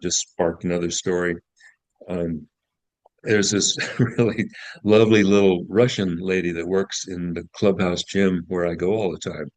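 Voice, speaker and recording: A man's voice: sits low, fairly even intonation, measured pace, no echo, low-quality recording. A man in his sixties, a guest author, telling folksy stories with self-deprecating humor and frequent restarts. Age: 60s. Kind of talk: casual interview chat.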